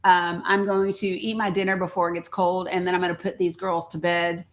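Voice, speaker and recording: A woman's voice: lowish voice, flat delivery, a little fast. Woman host, older, candid live-stream chat, outspoken and folksy. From rural American South. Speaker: livestream host.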